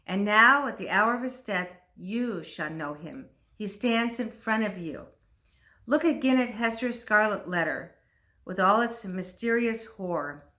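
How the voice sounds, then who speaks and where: A woman's voice: medium pitch, sharp tone. A woman voicing an impassioned dying young priest. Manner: impassioned, solemn declaiming. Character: dying young male priest, anguished and fervent.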